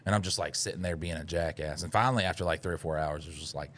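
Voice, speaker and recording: A man, co-hosting a podcast, telling a story in casual chat, swearing a lot and jumping into loud voices when he quotes himself. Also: deep voice, racing. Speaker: podcast co-host.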